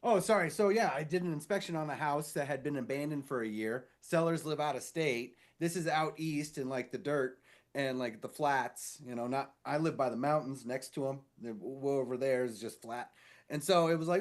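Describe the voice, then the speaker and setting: A married man co-hosting a casual podcast, telling a rambling story full of swearing and quick impressions of other people. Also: medium pitch. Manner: rambling, animated, swears freely; mimics others with shifted voices in stories. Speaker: podcast co-host.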